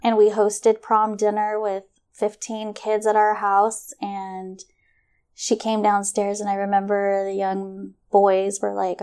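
Middle-aged woman, mellow voice, animated storytelling, acts out voices. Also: medium pitch, takes it slowly, clean tone. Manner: animated, acts out quoted voices, laughs often. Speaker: guest. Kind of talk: personal storytelling in conversation.

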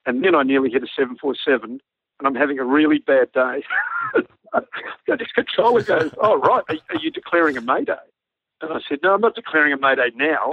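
Man, ex-army pilot storyteller, animated and laughing, gravelly voice, dry close sound. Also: medium pitch, no room sound. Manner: animated storyteller, often laughing while talking. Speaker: former army helicopter pilot. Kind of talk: casual storytelling. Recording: dry tinny phone-like audio.

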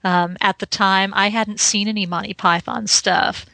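A woman's voice: mid-range voice, fairly even intonation, moderate pace, creaky, bright, forceful tone, no echo, rough recording. A woman in her forties on a podcast, chatting casually and thoughtfully with frequent fillers. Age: 40s. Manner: thoughtful, hesitant, fillers and "you know". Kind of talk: casual chat.

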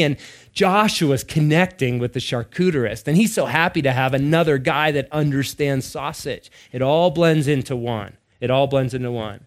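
A man in his thirties or forties preaching, telling family stories with laughter and animated bursts. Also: a little high, moderate pace. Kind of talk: sermon-style storytelling.

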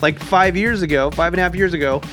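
A man co-hosting a podcast in casual chat, telling animated stories, mimicking others and laughing. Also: sits high, fast, soft background music. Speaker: podcast co-host.

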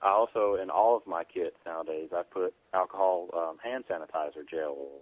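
The man is an EMT and a guest on a preparedness podcast, heard over a tinny phone line with no echo. His voice is low and his pace moderate. He explains things plainly and casually, with plenty of fillers throughout the interview.

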